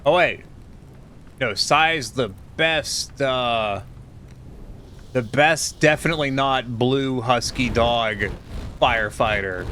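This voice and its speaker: Tired guy streaming, kinda sharp bright voice, teases chat a lot, faint rumble in the background. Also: takes it slowly, long pauses. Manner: tired, rambling, teasing chat readers. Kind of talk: casual live stream chat.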